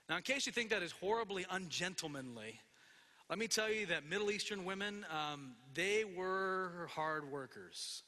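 High, bright-voiced preacher in a hall. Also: male voice, animated, moderate pace. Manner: expository preaching with quoted scripture and asides. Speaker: pastor. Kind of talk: sermon. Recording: long hall reverb.

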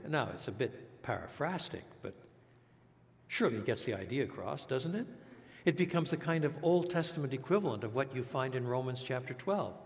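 A man's voice: mid-range voice, expressive, brisk, vocal fry. An older man from French Canada, raised speaking English and French, preaching a teacherly sermon with rhetorical questions and repeated words. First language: bilingual English and French. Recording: long reverb of a large hall.

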